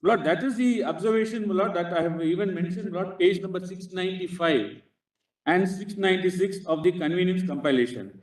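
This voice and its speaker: An Indian English-accented man argues before a court bench in a slightly raised voice. His phrasing is halting and insistent, nearly every clause punctuated with a respectful "Lord". He sounds echoey and roomy, as if picked up by a distant microphone in a courtroom. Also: sits high. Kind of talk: courtroom legal argument.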